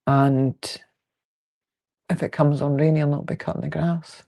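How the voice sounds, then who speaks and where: A woman with a Fife Scottish accent hosts a relaxed quilting livestream from home, chatting with viewers in a frank, jokey way. Her voice has a gravelly, creaky edge, and she rambles comfortably from one thought to the next. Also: low-pitched. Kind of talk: casual livestream chat, answering viewer comments. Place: at home indoors.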